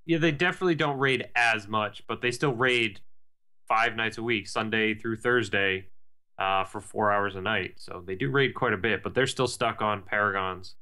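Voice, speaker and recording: A man's voice: fairly low pitch, moderate pace, sharp tone. A man co-hosting a casual gaming podcast, giving long detailed explanations with many fillers. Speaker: podcast co-host.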